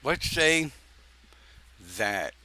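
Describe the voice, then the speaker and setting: An older man, a pagan minister, giving a folksy, informal live-stream sermon with joking asides and long pauses; his voice sounds croaky. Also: fairly high pitch, big pitch swings, pushed and bright.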